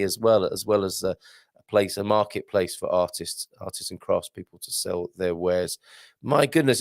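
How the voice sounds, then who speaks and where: A man hosts a live online show, reading out viewer messages and reacting with quick exclamations. His pitch swings widely, and his voice sits close and dry with no room sound. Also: no room sound. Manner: chatty, reads out comments with lively exclamations. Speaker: host. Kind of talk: live-stream chat reading viewer comments.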